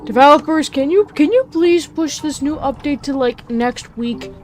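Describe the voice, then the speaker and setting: A woman's voice: high-pitched, moderate pace, darkish tone. A young woman giving gameplay commentary, ranting with exasperation, swearing and stumbling over repeated words. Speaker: gamer.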